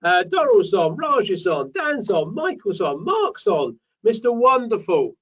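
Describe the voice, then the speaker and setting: Brief: British male host, chatty and upbeat, higher voice, recorded off-mic and dull. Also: big pitch swings, measured pace, a bit bright, distant mic. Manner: chatty, reads out viewer names. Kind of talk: live webinar chat.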